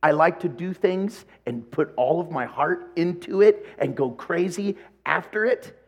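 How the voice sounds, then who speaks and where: Animated storytelling male pastor. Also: a little high, a little slow, highs cut off. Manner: animated, acts out dialogue. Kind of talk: sermon with personal storytelling.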